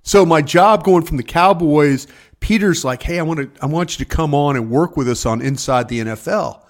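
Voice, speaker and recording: Older male co-host, chatty storyteller, home office video call, a touch high-pitched. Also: moderate pace. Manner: rambling, acts out quotes in voices. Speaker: former scout, co-host. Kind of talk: casual storytelling chat.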